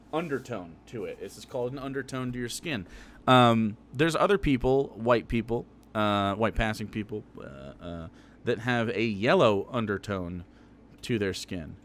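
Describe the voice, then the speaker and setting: A man's voice: medium pitch, a little hiss or hum. A man live-streaming his reaction to a video, swearing freely, laughing and talking back at the screen.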